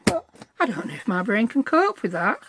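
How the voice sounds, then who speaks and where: A woman's voice: a little high, big pitch swings, moderate pace, a bit bright, slight background noise. A middle-aged woman, chatting through a crafting tutorial in a bubbly, self-deprecating way. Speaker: craft vlogger.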